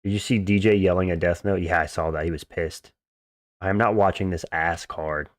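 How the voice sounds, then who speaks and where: A man with a low, steady voice talks a little fast, recorded cleanly in a studio with no room sound. He's live-streaming fights, chatting casually, reading chat questions aloud and answering them bluntly. His manner is joking, crude and dismissive.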